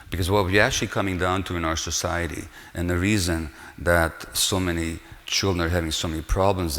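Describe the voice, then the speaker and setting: A man's voice: deep voice, a bit bright. Older man lecturing in a reverberant hall. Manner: earnest, explanatory, asks the audience rhetorical questions. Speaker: conference speaker, physician. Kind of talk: conference lecture. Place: large hotel conference hall.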